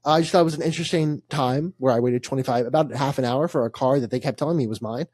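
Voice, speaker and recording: A man's voice: mid-range voice, fast talker, a little mellow, dry recording. A young man, co-hosting a casual sports podcast and telling a rambling story full of laughs and fillers. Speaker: podcast co-host.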